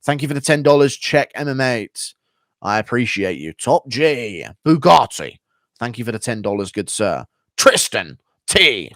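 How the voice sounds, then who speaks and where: A man's voice: mid-range voice, fairly quick, no echo, studio quality. A man talking bluntly and swearing freely in a casual live-stream chat, answering viewers.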